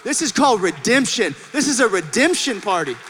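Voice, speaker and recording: Middle-aged male pastor, high, bright voice, big swings from shouts to hushed asides, long hall reverb. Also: sing-song, a little fast, a little hiss or hum. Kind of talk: sermon. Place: church auditorium.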